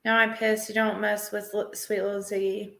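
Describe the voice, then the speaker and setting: A woman's voice: mid-range voice, little pitch movement, moderate pace, gravelly, fairly bright tone. A woman chatting casually on a live stream, rambling and emotional, often breaking into laughter. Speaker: livestreamer. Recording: roomy echo.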